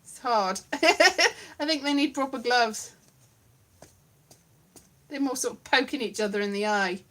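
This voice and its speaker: A woman's voice: high-pitched, unhurried, sharp tone. A woman at home giving a rambling, giggly comic monologue with puppets, often mocking herself. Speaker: comedian doing a solo online show.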